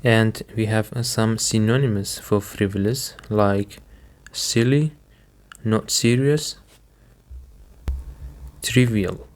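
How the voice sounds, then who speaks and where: Slow, low-voiced English teacher. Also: male voice, steady tone. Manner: patient, repeats each word slowly.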